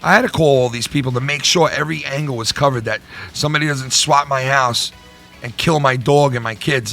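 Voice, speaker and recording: A man's voice: mid-range voice, fairly quick, sharp tone, soft background music. A middle-aged man hosting his own channel, ranting in a heated, profane way and repeating himself. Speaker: YouTube channel host. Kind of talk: vlog rant to viewers.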